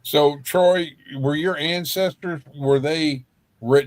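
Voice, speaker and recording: A man's voice: fairly high pitch, fairly even intonation, takes it slowly, no echo. A man from Texas hosting a livestream in casual chat, rambling and joking with frequent laughs. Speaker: livestream host.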